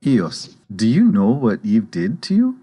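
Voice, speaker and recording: Brief: deep, expressive man rallying the party. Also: unhurried, breathy edge, soft background music. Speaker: player. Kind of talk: casual play.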